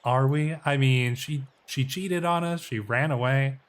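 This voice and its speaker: A man talks through his strategy game as a role-play, speaking as the ruler he plays. He muses aloud, stops to correct himself, and reads event text in a slightly theatrical voice. His pitch sits in the middle range. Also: a little slow. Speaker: game let's player.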